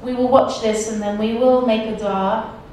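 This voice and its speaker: A woman in her forties with an English accent tells a personal testimony to a university audience, pressing her points through repetition. Her voice sits slightly high. It reaches the listener from a distance, washed in heavy room echo with a faint hum of ambience. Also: fairly even intonation, moderate pace, darkish tone. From England. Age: 40s. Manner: storytelling, emphatic repetition. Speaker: guest speaker. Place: university lecture hall. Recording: echoey hall from far off.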